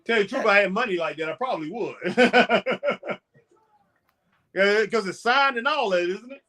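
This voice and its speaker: A man's voice: sits high, normal speed, pushed and bright. A man co-hosting a casual chat about a live wrestling show. He laughs often and keeps saying "boy" and "man". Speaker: co-host.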